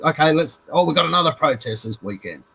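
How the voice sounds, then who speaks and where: A man's voice: on the high side, expressive, quick pace, vocal fry, sharp tone, slight background noise, poor audio. A man in a casual chat, rambling, swearing and repeating himself.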